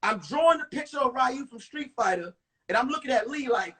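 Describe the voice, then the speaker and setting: A man from New York performs a one-man comedy show, telling stories and jumping into every character with animated delivery. His voice sits very high for a man and has a raspy edge. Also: fairly quick, far from the mic, poor audio.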